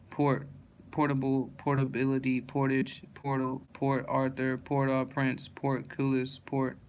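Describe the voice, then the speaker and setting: A man reading a list of words aloud one by one, steady and plain, with small slips and self-corrections. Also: mid-range voice, slight background noise.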